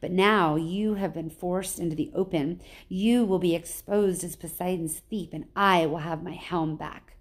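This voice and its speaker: A woman's voice: lowish voice, fairly even intonation, a little slow. A woman reading aloud, voicing a proud, scornful male god of the underworld who grumbles and accuses. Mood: accusing.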